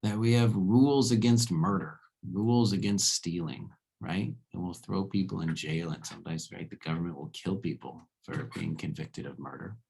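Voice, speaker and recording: A man's voice: low-pitched, normal speed, gravelly, hardly any pauses, darkish tone, husky, full character voice. A man playing a furious ancient Greek man who hurls insults and contemptuous rhetorical questions. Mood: scornful.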